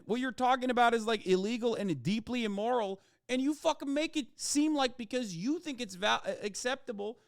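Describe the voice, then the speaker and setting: A male streamer rants with heat and plenty of swearing into a close, dry mic. His voice sits fairly high for a man and comes through smooth and clear. He talks with no room echo at all. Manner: heated, profane ranting. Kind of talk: livestream commentary.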